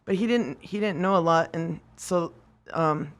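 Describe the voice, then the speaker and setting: A woman with a somewhat low voice tells her story to podcast hosts. She is casual and animated, swears freely, laughs often, and acts out the voices of the people she talks about. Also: a little slow. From United States. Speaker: podcast guest, machinist.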